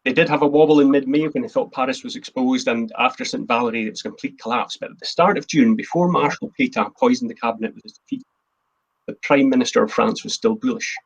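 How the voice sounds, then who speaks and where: A man's voice: medium pitch, lively intonation, fast, gravelly, husky, highs cut off. A man, the host and a historian, giving an earnest, emphatic history talk from his notes. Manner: earnest, emphatic, quotes speeches in a plain voice.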